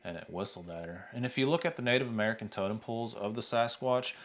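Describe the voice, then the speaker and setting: A man's voice: lowish voice, fast. A man hosting a casual interview, musing earnestly and at length, with many "like" fillers. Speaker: host and interviewer.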